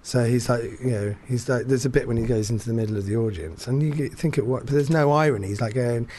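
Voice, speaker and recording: A man's voice: mid-range voice, quick pace, mellow, slight background noise. A man telling a story in casual chat, rambling, restarting his sentences often and laughing between them.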